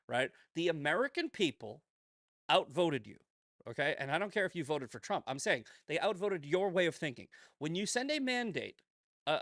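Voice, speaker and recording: A man's voice: sits high, fairly bright tone, no echo, clean studio sound. A man hosting a political commentary show, ranting in a profane, heated, combative way and often tagging on "right?" and "okay?".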